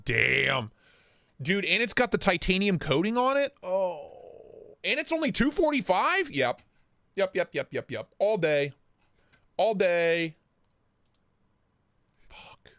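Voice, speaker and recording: A man's voice: high voice, unhurried, no room sound. Dry-sounding, hyped-up male knife streamer. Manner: excitable, hyped, profane, greets chat viewers. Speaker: livestream host reviewing knives. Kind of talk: casual livestream chat.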